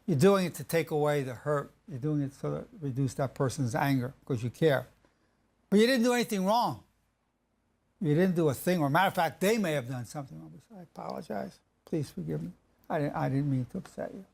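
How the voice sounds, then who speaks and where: A man lectures on marriage in a gravelly, slightly high voice. He hammers his key phrases with slow repetition and often restarts his sentences partway through. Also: lively intonation, a little mellow. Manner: emphatic, repeats key phrases slowly; halting restarts mid-sentence.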